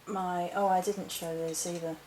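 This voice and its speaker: A woman's voice: fairly low pitch, level tone, moderate pace, darkish tone, a little hiss or hum, rough recording. A woman chatting casually through a haul vlog, rambling and correcting herself as she goes. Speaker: witchcraft vlogger.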